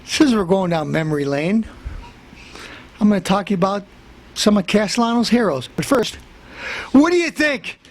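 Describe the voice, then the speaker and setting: Man, very high voice, swooping pitch, boastful tough-guy comic rant, bursts of shouting. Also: animated, moderate pace, pauses often. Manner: boastful, blustering, threatening to beat people up. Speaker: comedy show host.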